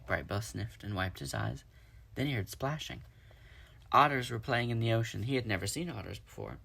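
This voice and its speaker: A man reading a children's storybook aloud in steady storytelling. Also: lowish voice, moderate pace, gravelly, husky. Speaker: reader.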